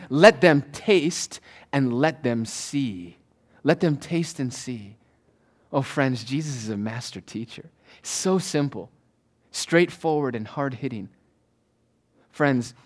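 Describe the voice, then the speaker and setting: A pastor delivers a sermon with a voice pitched a little above the usual for a man. He preaches in an emphatic, rhythmic style, repeats his key phrases and drags out single words for weight. He drops into soft, low asides and then rises to loud declarations.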